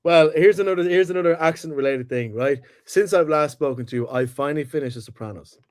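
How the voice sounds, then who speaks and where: A young man co-hosting a sports podcast, chatting excitedly and swearing freely. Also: fairly high pitch, quick pace. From Ireland or UK. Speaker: podcast co-host. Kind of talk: casual chat.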